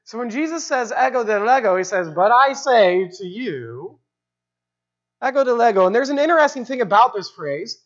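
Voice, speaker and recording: In an expository sermon, a preacher explains the original language of the text and repeats key phrases for emphasis. His medium-pitched voice is fast and lively, with hardly any pauses, and the recording is dull and lo-fi.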